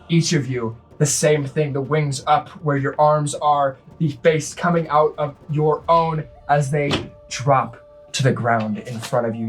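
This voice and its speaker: A man narrating as game master of a tabletop game, describing scenes slowly and in detail. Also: fairly high pitch, poor audio. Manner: slow, descriptive narration with voiced dragons.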